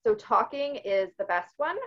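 A woman's voice: medium pitch, moderate pace, dull audio. A woman guest on a podcast, speaking openly and telling personal stories with animation. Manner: open, animated storytelling. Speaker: guest, author and fitness expert. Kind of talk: podcast interview.

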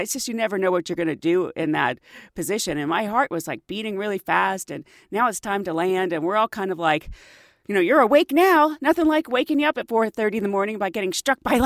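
A woman's voice: mid-range voice, no echo, clean studio sound. Flight attendant lady telling stories, laughs a lot, voice bouncing all over. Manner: animated, laughing often. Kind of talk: casual storytelling.

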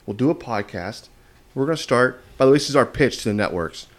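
A man's voice: mid-range voice, expressive, brisk. A man hosts a casual podcast chat with a mid-range voice. He rambles through his stories, full of ums and restarts, drifting from point to point. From Texas. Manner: rambling, filler-heavy storytelling. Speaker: podcast host.

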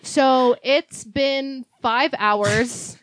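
A woman telling a frantic story in casual chat, animated and swearing often, acting out panicked quotes. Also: high-pitched, extremely slow, dry recording.

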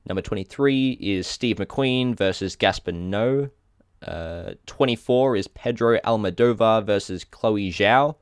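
His voice is fairly low and smooth, a little slow, on a dry studio-quality recording. As co-host of a casual podcast, the Australian man reads through a list, catching on tough names and making small self-corrections.

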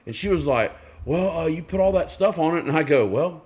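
A man co-hosting a casual podcast, swearing often and acting out people in animated stories. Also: fairly high pitch, brisk. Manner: swears a lot, animated storytelling with voices. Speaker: podcast co-host. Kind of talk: casual chat.

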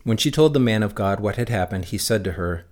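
Guy with a lowish voice reading bible passages, steady and measured, slows down to stress things. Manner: lifts his voice for shouted lines in the text. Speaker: Bible reader for a church. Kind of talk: scripted scripture reading.

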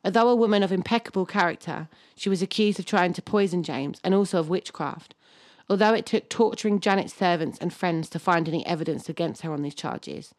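A woman's voice: on the low side, fairly quick, hardly any pauses, dry recording. Woman reading a history tale, dry sound. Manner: reads from a script, laughs often, unsure of place names. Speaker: podcast co-host. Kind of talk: reading a history story with casual banter.

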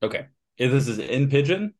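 A man co-hosting a podcast in casual chat, reacting often with quick "yeah, yeah" backchannels. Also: mid-range voice, big pitch swings. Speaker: podcast co-host.

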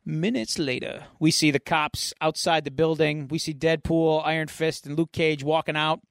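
A man's voice: fairly high pitch, normal speed, gravelly, clean tone, no room sound, clean studio sound. Upbeat man retelling a comic. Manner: animated retelling, slips into character voices. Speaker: podcast host. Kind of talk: casual comic book chat.

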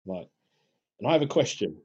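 A man's voice: fairly low pitch, very animated, fairly quick, mellow, breathy edge, lo-fi sound. A man co-hosting a podcast, chatting casually in a laid-back way and walking through the show's events. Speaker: podcast co-host. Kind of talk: casual chat.

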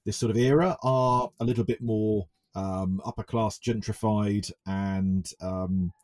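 A man's voice: on the low side, steady tone, unhurried, darkish tone. A man from England co-hosting a casual film podcast, hesitant, with many restarts. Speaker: podcast co-host.

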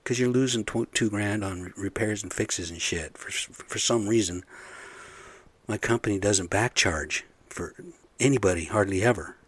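A man's voice: fairly low pitch, normal speed, slightly rough. A man who runs construction sites, ranting in a blunt, profane, fed-up way about careless workers. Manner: profane, blunt, frustrated venting. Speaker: construction site supervisor. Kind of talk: casual rant to camera.

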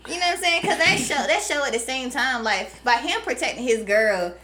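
A woman in her late twenties with a high, bright voice. She talks in an animated, outspoken way in casual podcast chat and swears often. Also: a little fast, slight background noise. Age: late 20s. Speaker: podcast co-host.

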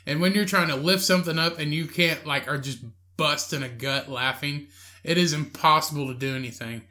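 Podcast co-host, male, crude laughing storyteller with a bright, slightly high voice. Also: fairly even intonation, moderate pace. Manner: crude, laughing storyteller, acts out drunk friend and angry lady. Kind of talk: casual storytelling chat.

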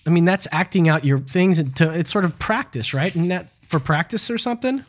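A man's voice: high-pitched, lively intonation, brisk. A man hosting a casual podcast, reading news stories and ranting about them with heavy profanity and mockery. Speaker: podcast host. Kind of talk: casual crude news rant.

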